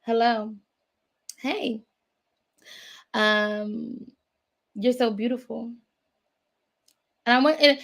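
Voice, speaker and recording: Woman, dating coach, animated casual talk, fairly high voice, raspy fry, talks to viewers. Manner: animated, laughs often, talks to viewers as y'all.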